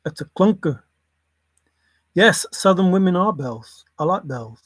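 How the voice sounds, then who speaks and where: A man's voice: high-pitched, expressive, unhurried, fairly bright tone, no room sound. A man, musing aloud on his own in a playful, rambling way, jumping between silly word associations.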